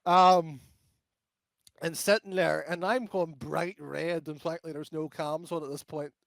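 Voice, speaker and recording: A man's voice: fairly high pitch, fairly even intonation, a little slow, gravelly, dry recording. A man with an Irish accent, an esports caster chatting bluntly in an interview, rambling with many fillers and restarts. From Ireland. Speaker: esports caster, podcast guest. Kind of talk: casual interview chat.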